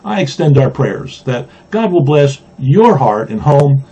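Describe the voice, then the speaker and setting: A man from Mississippi, a pastor, reading a children's storybook aloud with gentle humor, in a dull lo-fi recording. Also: mid-range voice, very animated, a little slow, husky. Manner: gently humorous, chuckling at the jokes.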